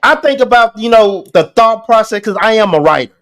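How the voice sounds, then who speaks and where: A man hosting a poetry show, talking in a casual, animated way with lots of restarts and slang. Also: sits high, a little fast. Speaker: host. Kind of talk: casual chat.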